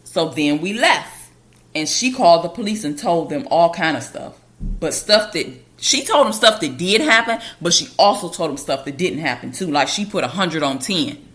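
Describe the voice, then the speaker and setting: Female podcast host, lower register, casual storytime delivery. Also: expressive, normal speed, a bit bright. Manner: casual and conversational, with loose colloquial grammar.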